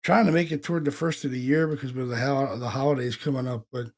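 A man co-hosting a podcast, telling stories in casual chat, animated, with slang and swearing. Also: mid-range voice, quick pace. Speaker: podcast co-host.

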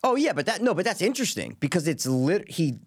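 A man's voice: sits high, big pitch swings, quick pace, husky, no echo, studio quality. A man in a casual movie chat, emphatic and repetitive, swearing casually.

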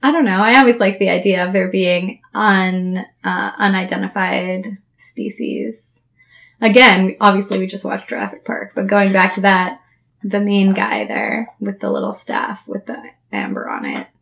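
A woman's voice: mid-range voice, moderate pace, gravelly, a bit bright. A woman co-hosting a podcast, chatting casually and rambling with fillers, laughing often. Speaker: podcast co-host. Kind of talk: casual chat.

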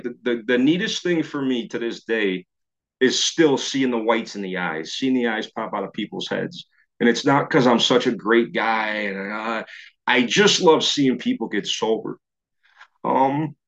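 A middle-aged man from New York speaks at a medium pitch, telling his own recovery story to a meeting. He acts out his past thoughts and chuckles at himself now and then. The sound comes through a slightly dull video-call connection. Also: a bit bright.

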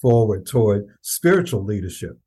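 Husky-voiced male host asking earnest questions. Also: fairly low pitch, big pitch swings, normal speed, mellow. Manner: earnest, encouraging, restarts his questions. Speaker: podcast host. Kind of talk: interviewing a guest.

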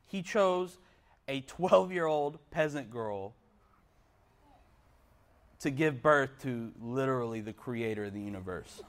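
A man's voice: medium pitch, animated, slow, long pauses. A young man preaching a sermon in an earnest way, often putting questions to his listeners. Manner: earnest, asks the congregation questions.

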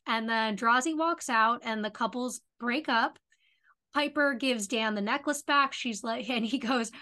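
A woman's voice: on the high side, unhurried, pushed and bright. A woman co-hosting a podcast, casually retelling an episode's plot and quoting the characters' lines along the way. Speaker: podcast co-host. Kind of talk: casual recap chat.

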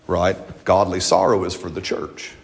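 A man's voice: sits low, flat delivery, moderate pace. A man preaching a sermon to a congregation in church, in a conversational storytelling way, often checking in with "right?" and laughing through his funny stories. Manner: laughs while telling funny anecdotes. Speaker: pastor. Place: church service before a congregation.

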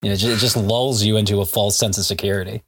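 Man, podcast co-host, low husky voice, jokey, laughs often, casual comic recap chat. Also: steady tone, very fast.

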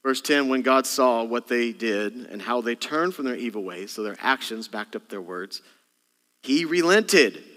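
A man's voice: mid-range voice, animated, measured pace. A male senior pastor preaching a sermon, dramatic, acting out voices in sudden bursts. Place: church auditorium. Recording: long hall reverb, faint guitar behind. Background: soft guitar.

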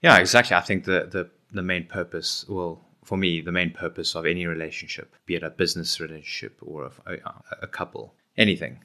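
A man's voice: sits low, steady tone, a little fast, hardly any pauses, pushed and bright. A man co-hosting a casual podcast, talking reflectively with many restarts. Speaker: podcast co-host. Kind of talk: casual chat.

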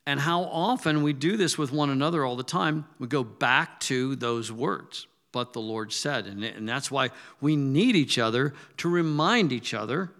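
A man's voice: medium pitch, moderate pace, few pauses. Conversational Midwestern preacher man. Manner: conversational, animated storytelling with quoted asides. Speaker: pastor. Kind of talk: sermon.

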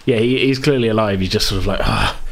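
A man narrating as game master of a tabletop game, relaxed and rambling. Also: on the low side, fast talker. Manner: relaxed, rambling, hedging with fillers.

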